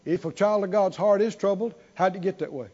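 Speaking a little fast, the high-pitched male preacher leads his congregation in call-and-response, asking them to repeat lines back. His sermon shifts between almost-whispered storytelling and loud, emphatic exhortation, and the audio is muffled.

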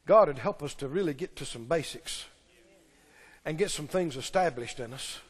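A man preaching a sermon, alternating shouted, slowly stressed lines with quiet mimicry of pleading believers. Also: expressive, slightly rough. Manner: preaching with shouted emphasis and slow, drawn-out stresses; mimics pleading believers in low, soft voices. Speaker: pastor. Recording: long church reverb.

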